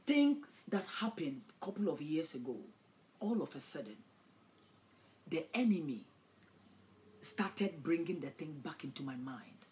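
A woman preacher giving a dramatic sermon, swinging from hushed storytelling to loud declarations. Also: low voice, sing-song, normal speed, pauses often, slight background noise.

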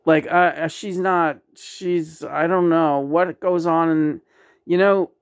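A woman channeling the spirit of a late male rock musician, talking in a lowered, soothing then gossipy way. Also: steady tone, slow pace, no echo, clean studio sound.

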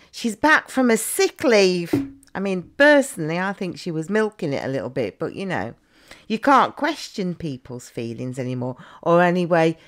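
A woman's voice: on the low side, a bit bright. Cheeky chatty woman vlogger. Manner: cheeky, chatty, teasing asides. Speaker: reaction vlogger. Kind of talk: casual reaction commentary.

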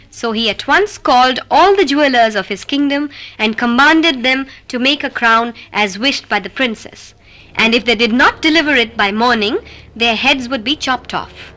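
A woman narrating a children's fairy tale in a gentle, measured way. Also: a little high, animated. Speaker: storyteller.

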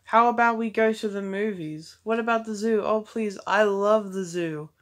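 A woman reading aloud the lines of a gentle, affectionate young man from a fanfiction, in her own voice with slight stumbles. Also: medium pitch, normal speed, close to an everyday voice.

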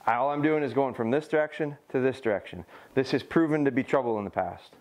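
A man's voice: medium pitch, quick pace, darkish tone. A man who trains bird dogs, casually explaining what he is doing as he works a young dog outdoors. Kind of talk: casual training vlog commentary.

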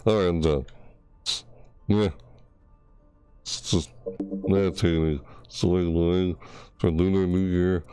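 A man's voice: low voice, steady tone, slow pace, pauses often, mellow, clear, resonant tone, dry recording, soft background music. A man hosting a gaming channel and showing off new items in casual commentary. He gushes, gasps and yelps at what he sees, and stumbles over names. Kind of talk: casual game showcase commentary.

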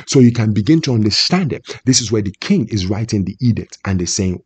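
A man's voice: lowish voice, animated, normal speed, breathy edge. A preacher giving a prophetic sermon, emphatic and repetitive, often asking his listeners questions. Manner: emphatic, repeats phrases and asks the listeners questions.

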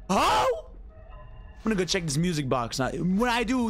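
A man's voice: sits high, sing-song, fairly quick, a bit bright, faint music behind. A young man streaming a horror game live, talking to his chat, swearing, screaming and laughing at scares. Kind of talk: live gameplay commentary.

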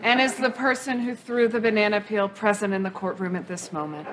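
An actress playing an earnest courtroom prosecutor questioning a witness in a sketch comedy. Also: female voice, mid-range voice, fairly even intonation, a little fast, background noise, natural voice. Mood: formal questioning.

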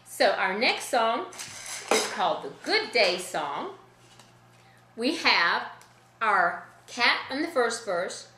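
A woman music teacher leading a children's sing-along lesson in a gentle, chatty way, often stopping to correct herself. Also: fairly high pitch, very animated, slow pace, pauses often, roomy sound, a little hiss or hum.

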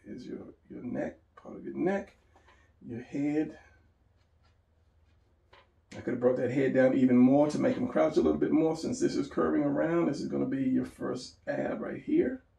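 A man's voice: mid-range voice, steady tone, normal speed, vocal fry, warm tone. A man giving a casual drawing lesson, rambling and talking to himself as he sketches. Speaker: drawing instructor. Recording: echoey room, voice from a distance.

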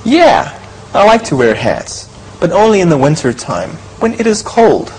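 A woman reading a scripted English lesson dialogue, giving relaxed, expressive answers. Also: on the low side, unhurried, a little hiss or hum, poor audio.

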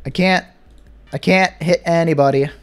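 A young man giving casual gameplay commentary, excitable and sarcastic, swinging between mock despair and glee. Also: on the high side, moderate pace, faint music behind. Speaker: gaming YouTuber.

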